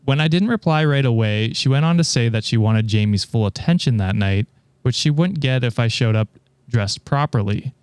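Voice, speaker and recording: A man with a smooth, clear voice reads a story aloud on a podcast. The sound is close and dry, and he holds a steady reading pace. In the banter between passages he laughs easily. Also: mid-range voice, moderate pace, no echo. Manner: steady reader, laughs often between remarks. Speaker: podcast host reading stories. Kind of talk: reading aloud and casual chat.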